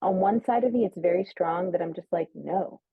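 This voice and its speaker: A woman's voice: fairly low pitch, a little fast, husky, no room sound. A woman telling a personal story in casual chat, full of "like" and acting out quoted lines. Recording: narrow phone-like sound, dry.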